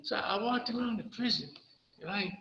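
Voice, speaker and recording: Older man, high and bright, animated storytelling testimony, roomy slightly dull hall sound. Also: normal speed, gravelly, slight background noise. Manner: animated storytelling, constant "you know" and "right". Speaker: recovery meeting speaker. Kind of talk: personal testimony talk.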